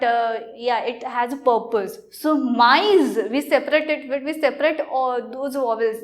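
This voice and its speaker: A woman teacher slowly explaining a French lesson, pausing often to say okay. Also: high-pitched, fairly bright tone. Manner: slow and explanatory, with frequent okays. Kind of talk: classroom lesson.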